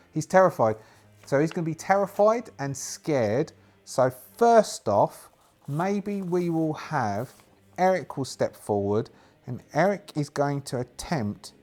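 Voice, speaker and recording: A man narrating his solo tabletop game, thinking aloud and pausing over his moves. His voice is mid-pitched and his delivery halting, full of restarts.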